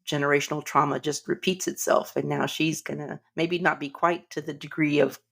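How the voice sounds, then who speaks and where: A woman with a very low, gravelly voice chats casually as a podcast co-host. She sounds easygoing and often laughs between her remarks. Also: fairly even intonation, a little fast, a bit bright. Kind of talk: casual chat.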